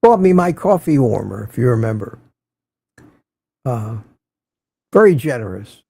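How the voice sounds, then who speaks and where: A man's voice: medium pitch, sing-song, unhurried, creaky, mellow, husky, no room sound. A man hosting a casual morning livestream, greeting viewers by name and reading their chat messages, chatty and chuckling often, repeating himself.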